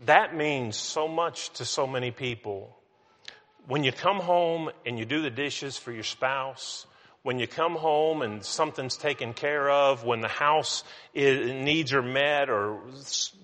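A man's voice: medium pitch, sharp tone. A middle-aged male pastor giving a sermon in a conversational, storytelling way with self-mocking humor. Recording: reverberant hall.

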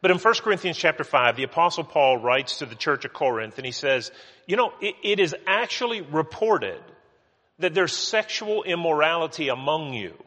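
A man's voice: a little high, sing-song, moderate pace, sharp tone. Conversational preacher man from West Virginia. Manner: conversational, many restarts and asides. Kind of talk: Bible study sermon. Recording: long hall reverb.

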